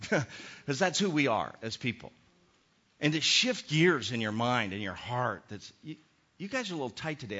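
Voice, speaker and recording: A middle-aged man preaching a sermon as pastor, animated and acting out the voices he quotes. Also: medium pitch, husky. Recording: muffled lo-fi sermon recording.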